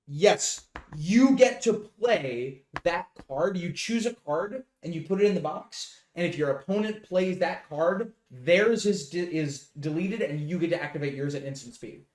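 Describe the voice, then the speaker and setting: A man's voice: fairly high pitch, animated, unhurried, hardly any pauses, a little mellow. Profane rambling man in an echoey room. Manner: rambling and profane, many fillers. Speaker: podcast co-host. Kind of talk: casual recap chat.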